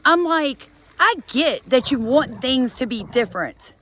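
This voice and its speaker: A woman's voice: lively intonation, measured pace, a bit bright, breathy edge. A middle-aged woman, delivering an exasperated, emphatic scolding monologue to her viewers. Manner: scolding, exasperated, emphatic with sudden high bursts. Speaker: homesteading vlogger. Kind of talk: impassioned monologue to camera.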